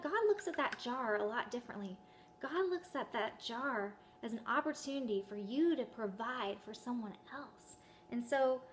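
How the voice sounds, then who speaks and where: Woman retelling a bible story, chatty, keeps asking you stuff, slight hum behind. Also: sits high. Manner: conversational, asks the listener questions. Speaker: Bible teacher. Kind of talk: casual sermon.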